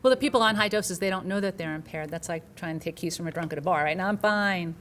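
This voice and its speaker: A woman's voice: on the low side, fairly even intonation, racing, a little hiss or hum. A middle-aged woman, a physician, earnestly telling an audience about a patient and acting out the dialogue. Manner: earnest storytelling with quoted dialogue. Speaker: physician speaker.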